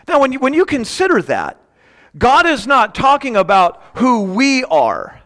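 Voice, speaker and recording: A middle-aged man preaching a sermon as guest pastor, emphatic, slowing down to stress key words and questioning the congregation. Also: very high-pitched, sing-song, a bit bright, no echo, clean studio sound, in a large hall. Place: church sanctuary.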